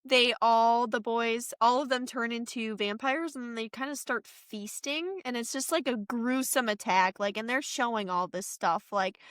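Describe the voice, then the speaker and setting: Woman podcast co-host, slightly high, dry close sound, lively chatty plot recap with quick character bits. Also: smooth, no room sound. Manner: animated retelling, acting out character lines in quick bursts. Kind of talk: casual movie recap chat.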